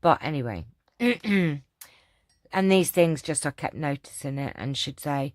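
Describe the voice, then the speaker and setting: A woman's voice: deep voice, animated, unhurried, no echo, clean studio sound. A woman chatting casually on her craft vlog, rambling with lots of ums and restarts as she answers viewer questions. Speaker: craft channel vlogger.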